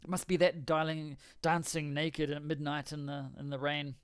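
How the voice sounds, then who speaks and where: A man's voice: a little high, little pitch movement, moderate pace, clear, resonant tone, no echo, studio quality. Rambling, jokey male game streamer. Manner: rambling, jokey, self-correcting. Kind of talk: casual livestream chat.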